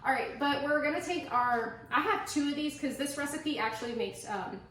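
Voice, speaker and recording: A young woman hosting her home cooking vlog, bubbly and rambling, excitedly chatting with a guest in her kitchen. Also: high-pitched, normal speed, a little hiss or hum. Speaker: cooking channel host. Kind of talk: casual cooking vlog chat. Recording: echoey kitchen room.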